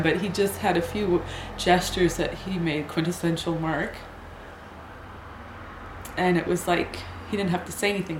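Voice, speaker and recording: A woman telling a personal story in a hesitant, halting way, often restarting her sentences. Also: on the low side. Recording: echoey room with noise.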